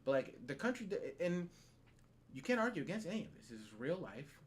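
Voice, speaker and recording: Male podcast host, casual and profane, lively delivery, pitched a bit high. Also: a little fast, slight background noise. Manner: animated, profane, laughs often.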